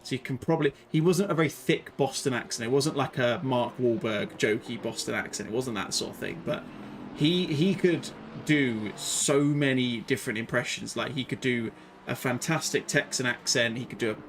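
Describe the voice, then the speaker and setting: A man's voice: mid-range voice, normal speed. Chatty man commentating over noisy game audio. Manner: chatty, rambling, laughs easily. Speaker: race commentator. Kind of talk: casual live sim racing commentary.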